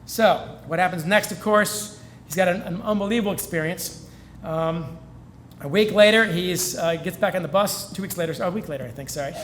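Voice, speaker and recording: Guy with a high voice giving a heartfelt speech, kinda choked up, faint room noise. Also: moderate pace, fairly bright tone. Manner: earnest storytelling, gets choked up. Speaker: featured speaker. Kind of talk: speech at a celebration. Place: event hall.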